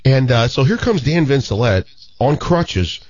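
A man in his fifties from St. Louis telling a long story in a casual, animated way, often restarting his sentences. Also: mid-range voice, measured pace, lo-fi sound. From St. Louis, Missouri.

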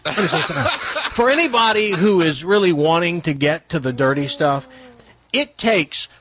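A man's voice: on the high side, expressive, a little fast, noisy background. A middle-aged man hosting a talk radio show, reading aloud in a mocking, theatrical way with sarcastic asides.

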